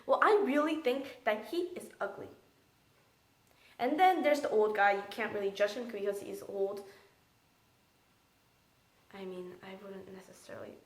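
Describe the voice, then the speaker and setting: A woman's voice: mid-range voice, measured pace, long pauses, roomy sound, low-quality recording. A woman giving a casual, blunt and sarcastic spoken movie review.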